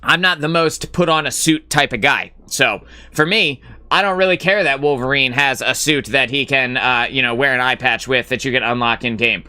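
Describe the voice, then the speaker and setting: A man's voice: mid-range voice, moderate pace, bright, forceful tone, smooth. A man hosting a live gaming stream, talking casually in a rambling, filler-heavy way, blunt and sometimes profane as he answers chat.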